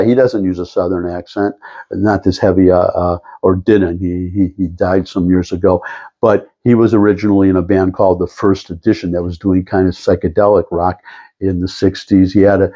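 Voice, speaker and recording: A man's voice: low-pitched, warm tone, dull audio. An older man talking to camera in a rambling, meandering monologue with lots of restarts and asides. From Detroit area. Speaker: vlogger.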